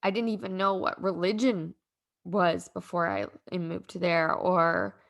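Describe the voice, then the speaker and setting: Young female podcast host, low-ish voice, casual and rambling, emotional and heartfelt. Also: animated, unhurried, vocal fry. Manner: rambling, heartfelt, frequent "like" fillers. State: emotional, near tears. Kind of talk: casual personal storytelling.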